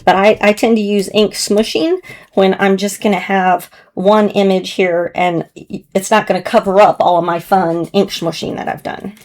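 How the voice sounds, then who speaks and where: Woman, middle pitch, slightly hoarse, chatty craft tutorial host working with her hands. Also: level tone, moderate pace. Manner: chatty, gentle, talks while working with hands. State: slightly hoarse, clearing throat. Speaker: card-making demonstrator. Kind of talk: casual crafting tutorial narration.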